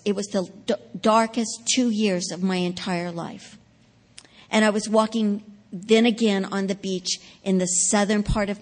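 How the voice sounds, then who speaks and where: A woman preacher with a medium-pitched voice shares a dramatic testimony in a large hall where long reverb follows her words. At the crucial moments her voice swells loudly.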